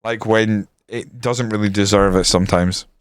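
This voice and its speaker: Male streamer, foul-mouthed ranting commentary, crisp voice, dead-dry sound. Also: fairly low pitch, moderate pace, no echo. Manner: sweary, ranting, swings to excited commentary. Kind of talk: casual game commentary on stream.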